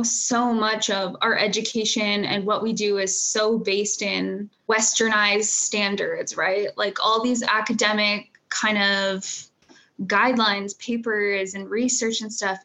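A woman's voice: medium pitch, fairly bright tone. A young woman in her twenties, a graduating student answering interview questions in an earnest, reflective way, with fillers and small laughs. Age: 20s.

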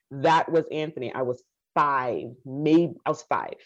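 A woman's voice: sits low, measured pace. A woman born in Haiti telling her life story with passion, acting out the voices of people she quotes. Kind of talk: personal storytelling talk. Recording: dull lo-fi recording.

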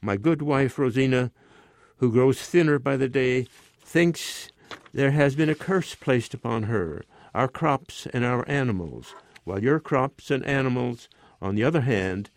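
A man's voice: medium pitch, unhurried, dry recording, close to an everyday voice. A man reading the part of a worried peasant father who speaks deferentially and lists his grievances. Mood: aggrieved. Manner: deferential, complaining.

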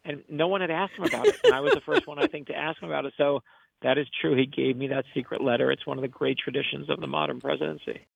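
A man's voice: fairly high pitch, very animated, quick pace, creaky, a little hiss or hum. A middle-aged man, a guest author, telling stories earnestly in an interview and acting out the quotes as he goes. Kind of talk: casual interview storytelling. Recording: tinny phone line.

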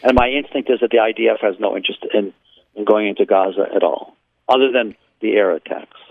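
A man with a lowish voice and vocal fry talks fast as a law professor giving a radio interview from his home near Jerusalem, Israel. He's frank and blunt, full of ums and sarcastic asides. It comes over a tinny phone line with no echo.

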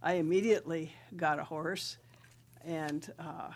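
A woman's voice: deep voice, steady tone, a little slow, a little hiss or hum. An older woman from South Dakota, a writer and rancher, tells stories in a radio interview, laughing often and reciting verse.

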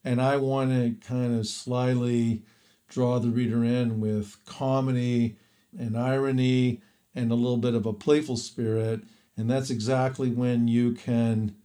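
Author guy in an interview, warm mellow voice, thinks out loud, bit halting. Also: mid-range voice. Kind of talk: reflective interview answers.

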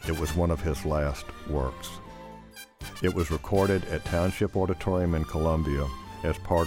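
A male radio host reads a formal, scripted introduction in a measured way. His voice sits very low. A clear music bed plays underneath. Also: fairly even intonation.

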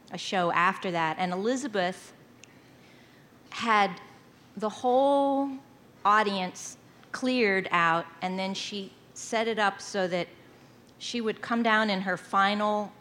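A woman telling lively anecdotes in an interview, laughing often and acting out quoted voices. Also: on the low side, slight background noise. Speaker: storytelling guest.

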